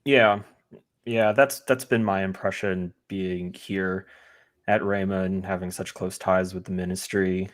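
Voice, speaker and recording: Measured low-pitched man. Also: fairly even intonation. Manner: measured, thoughtful, hedges with "I would say". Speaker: panelist on a Christian livestream. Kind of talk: casual discussion.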